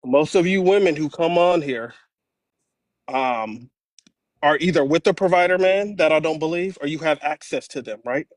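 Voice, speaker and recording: A man with a slightly high voice argues his side as a guest on a live panel. He pushes his point and keeps checking in with "right?". His sound is dry and close to the mic. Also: normal speed, no room sound. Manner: argumentative, keeps saying right?.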